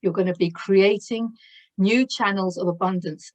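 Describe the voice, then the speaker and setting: A woman's voice: medium pitch, steady tone, normal speed, darkish tone, low-quality recording. Effusive woman giving a tarot reading. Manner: effusive, laughs often, exclaims in wonder. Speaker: tarot reader. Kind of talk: spiritual tarot reading vlog.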